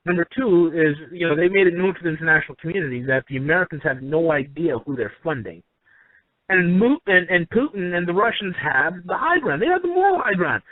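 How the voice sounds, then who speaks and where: A fairly high-voiced man talks in an emphatic, rambling way and often circles back to restart his sentences. He comes through a tinny, phone-like line with a dry, close sound. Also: expressive, a little fast, no room sound. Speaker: commentator. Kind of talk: opinionated monologue.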